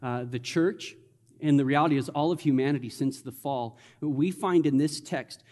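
A man preaching a sermon as a pastor, in a lively conversational manner with playful asides, in a church sanctuary. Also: medium pitch, normal speed, in a large hall.

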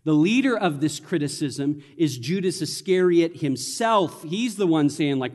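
A man preaching a sermon as a pastor, in a lively conversational manner with playful asides, in a church sanctuary. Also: a little high, unhurried, few pauses, big-room sound.

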